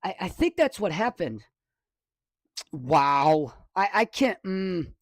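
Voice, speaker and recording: A high-pitched man talks through a home weather live stream. He rambles, backtracks and corrects himself, sounding excitable. His voice is recorded close on a desk microphone in a dry room. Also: slow, dry recording.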